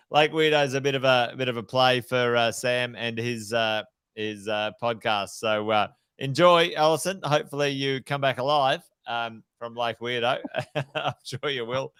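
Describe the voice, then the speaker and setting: An easygoing man co-hosting a casual finance podcast, quick to laugh. His voice is smooth and resonant at an ordinary pitch. The recording is dry and close. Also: a bit bright, dry recording. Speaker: podcast co-host.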